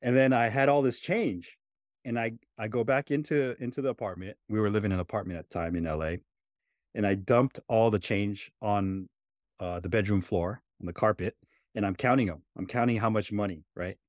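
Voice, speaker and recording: Low-pitched male podcast host, dry and close, reflective casual storyteller. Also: fairly quick, no room sound. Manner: reflective, many fillers like "right?" and "you know".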